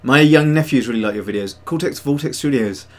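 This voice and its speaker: A man's voice: medium pitch, fairly quick. A man hosting a casual livestream, chatting to viewers in a rambling way with many fillers and restarts. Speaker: livestream host and digital sculptor.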